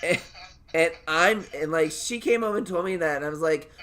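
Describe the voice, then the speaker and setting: A man's voice: on the high side, brisk, a bit bright. A man from Nebraska hosting a casual podcast chat, rambling with lots of fillers, swearing and laughing often. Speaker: podcast host.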